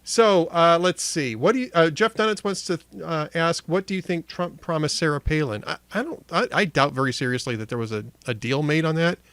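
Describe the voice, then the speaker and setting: A man's voice: a little high, a little fast, hardly any pauses, fairly bright tone, clear, resonant tone, no room sound. A man with an Upper Midwestern accent hosting a casual political talk show, chatty and jokey, with frequent restarts. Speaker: podcast host.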